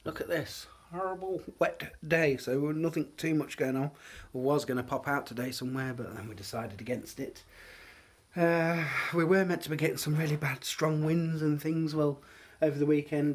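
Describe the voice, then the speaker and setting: A British man vlogging casually at home on a handheld phone, rambling with lots of fillers and restarts. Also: medium pitch. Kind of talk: casual daily vlog chat. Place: at home, indoors.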